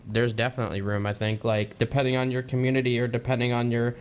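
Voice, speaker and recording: A man's voice: mid-range voice, level tone, quick pace, clean tone. A man streamer answering questions in a casual voice chat, hesitant and full of fillers, on a headset mic. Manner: hesitant, thinks aloud with many fillers.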